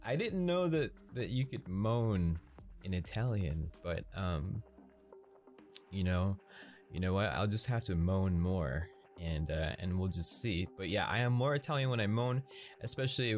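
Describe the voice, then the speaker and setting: A man from the Midwest with a Midwestern American accent, rambling casually as a podcast host, halting with many restarts and frequent laughs. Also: deep voice, lively intonation, soft background music.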